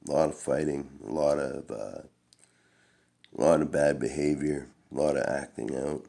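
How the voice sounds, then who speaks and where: A man's voice: extremely low pitch, steady tone, moderate pace, vocal fry, mellow. A middle-aged man telling a long-winded, profane personal story in a laid-back, rambling way. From Canada.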